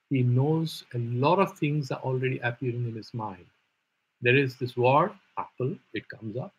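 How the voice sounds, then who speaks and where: A man's voice: mid-range voice, a bit bright, breathy edge, poor audio. A man teaching a live online Vedanta philosophy class, explaining patiently with rhetorical questions and repeated terms.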